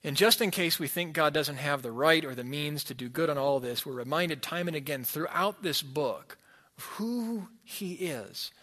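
A man's voice: on the high side, animated, moderate pace, pushed and bright. A man preaching a sermon, reading scripture aloud with dramatic emphasis. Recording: long hall reverb.

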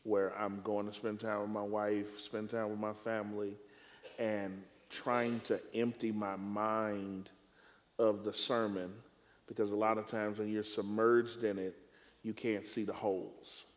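Male preacher on a panel, unhurried and low-voiced, weighing each phrase, caught with a long hall reverb. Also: little pitch movement. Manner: measured, emphatic, deliberate phrasing.

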